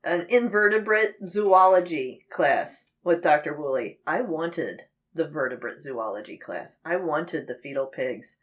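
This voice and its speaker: A woman in her late thirties co-hosting a casual podcast chat, an animated storyteller who acts out the people she quotes. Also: deep voice, a little slow, hardly any pauses. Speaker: podcast co-host.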